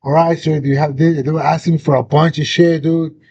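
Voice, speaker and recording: A young man hosts a casual chat, telling a story in slang and swearing freely. His voice sits a little high but sounds mellow and dark. The recording is dull and lo-fi, with a faint rumble underneath. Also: flat delivery, fast talker. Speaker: host.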